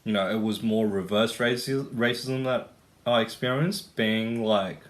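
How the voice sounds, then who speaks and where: Young Australian male vlogger, lowish pitch, rambling profane casual rant full of fillers. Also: measured pace.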